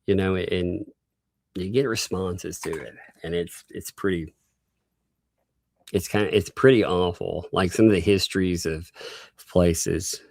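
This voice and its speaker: A man with a Southern US accent hosting a casual livestream, talking in a slow, self-assured drawl and laughing often. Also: low-pitched, steady tone, vocal fry, a little mellow, dry recording. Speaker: livestream host.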